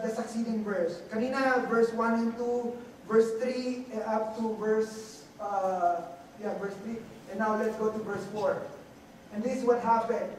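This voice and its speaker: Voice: mid-range voice, slight background noise. Filipino-accented preacher in an echoey hall. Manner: halting, repeats words, mixes Tagalog into English. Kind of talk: sermon. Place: church hall. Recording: echoey hall from far off, faint ambience.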